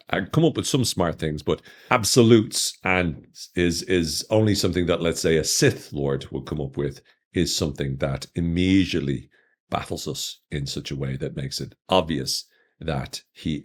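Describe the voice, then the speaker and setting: Male podcast host with a deep voice, upbeat and chatty, teasing his listeners. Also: husky. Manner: enthusiastic, chatty, with playful asides to listeners. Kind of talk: solo podcast talk.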